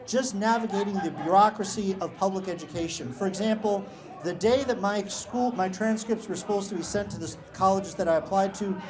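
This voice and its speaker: A man's voice: high-pitched, poor audio. A middle-aged man telling a personal story on stage, with a wry, self-deprecating sense of humor. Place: live show at a beach-bar venue.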